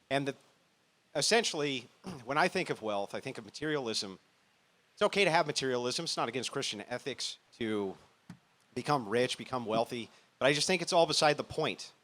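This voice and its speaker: A man on a discussion panel, making a measured, reasoned argument. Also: medium pitch, pushed and bright. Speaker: panel guest. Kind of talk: panel debate.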